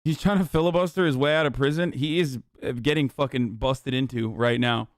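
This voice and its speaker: A man's voice: medium pitch, a little fast, no echo, clean studio sound. A man streaming a reaction to a crime video, talking casually with lots of swearing, incredulous and worked up. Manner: profane, incredulous, animated rants.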